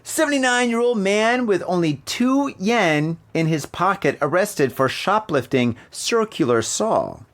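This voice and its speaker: A man hosting a podcast, reading news stories and riffing on them in an animated, profane, joking way. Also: high voice, measured pace, few pauses. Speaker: podcast host. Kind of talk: casual news commentary.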